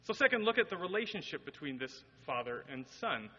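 Earnest male preacher with a bright, expressive voice, a little husky, recorded dully in an echoing church. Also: fairly high pitch, a little fast. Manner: earnest, explanatory, quotes scripture with rising emphasis. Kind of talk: sermon. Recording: dull audio with long hall reverb.

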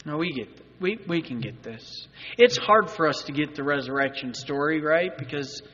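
A male pastor giving an Easter sermon, moving between loud, urgent appeals and quiet, earnest asides. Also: fairly high pitch, moderate pace, slightly rough, in a large hall, lo-fi sound. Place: church sanctuary.

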